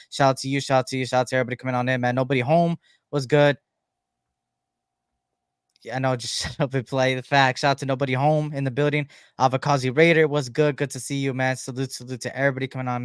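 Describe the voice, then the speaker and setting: A man with a smooth, clear voice rolls through viewer shout-outs on a live sports stream. The sound is dry and close, with his laid-back delivery at a middling pitch. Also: no echo. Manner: laid-back, reads viewer names quickly. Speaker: co-host of a sports fan livestream.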